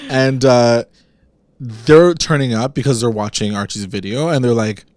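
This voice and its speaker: A man's voice: mid-range voice, unhurried, darkish tone, dry recording, studio quality. A man co-hosting a podcast, casually retelling scenes in slangy talk and acting out quotes. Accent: Canadian. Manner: laid-back slangy retelling with acted-out quotes. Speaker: podcast co-host. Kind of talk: casual recap chat.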